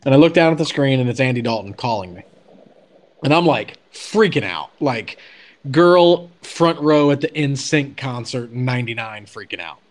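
A man's voice: medium pitch, expressive, normal speed. A man telling a story in a casual chat, chatty with many fillers and restarts. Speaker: podcast guest telling a story.

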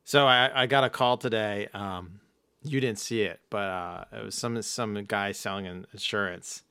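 A man's voice: lowish voice, normal speed, pushed and bright, clear, resonant tone, no echo, clean studio sound. A man co-hosting a casual podcast chat, jokey and rambling, often laughing. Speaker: podcast co-host.

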